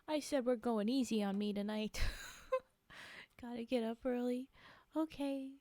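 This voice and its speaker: Giggly high-voiced woman streamer, unhurried. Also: dark tone, no room sound. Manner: giggly, rambling, self-mocking. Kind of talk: casual live-stream chat. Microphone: desk microphone.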